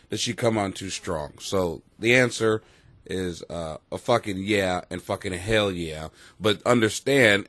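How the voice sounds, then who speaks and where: A man's voice: on the low side, a bit bright, dry recording. A man hosting a show from his basement, ranting bluntly and crudely with a lot of swearing. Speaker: host. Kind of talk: profane comedic rant to camera. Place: home basement.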